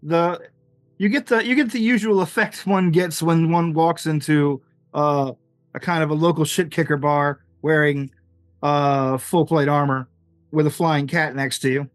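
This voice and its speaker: A man's voice: a little high, fairly even intonation, a little slow, no echo. A man narrating a tabletop game as game master, rambling with many fillers and laughs. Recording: dry sound with faint music.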